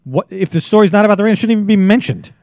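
A man co-hosting a casual news chat who answers quiz questions with a wry, playful edge. His pitch moves freely and sits slightly high for a man. The sound is dry and close. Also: lively intonation, racing, a little mellow, no echo. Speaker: co-host, editor. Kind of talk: casual radio-style news banter.

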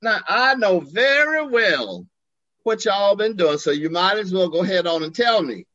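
A man's voice: high-pitched, very animated, moderate pace, bright, forceful tone, dry recording, lo-fi sound, voice pushed up, full character voice. A man voicing a flamboyant, commanding Southern gay man with a Southern accent, in a story he tells. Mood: teasing.

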